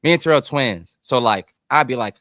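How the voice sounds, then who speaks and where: A man's voice: medium pitch, lively intonation, moderate pace, a bit bright, dry recording. Laid-back man telling stories, dry sound. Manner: laid-back storyteller, swears freely. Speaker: podcast co-host. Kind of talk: casual podcast chat.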